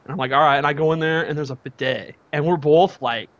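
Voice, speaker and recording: A man co-hosting a podcast, telling a story in casual chat and acting out the shouts and quotes. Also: on the high side, fast talker, dry recording, muffled recording. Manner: animated, acts out shouts and quotes. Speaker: podcast co-host.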